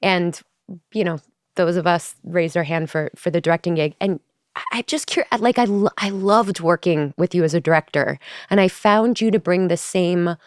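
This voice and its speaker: A woman's voice: on the low side, normal speed, dry recording, studio quality. A woman in her forties co-hosting a podcast in casual chat, asking rambling questions full of "like.". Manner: warm, rambling questions with many "like"s. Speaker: podcast co-host.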